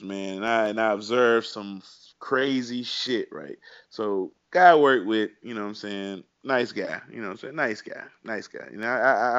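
A man's voice: mid-range voice, a bit bright, no echo. Man, podcast co-host, rambling storyteller, muffled lo-fi, dry. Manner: rambling, many "you know" fillers. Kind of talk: casual chat, storytelling. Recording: dull dry lo-fi audio.

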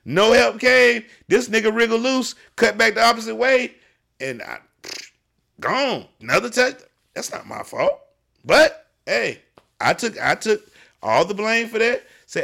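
A man who hosts a podcast and coaches youth football, telling stories in casual chat, animated and profane. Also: sits high, measured pace, gravelly.

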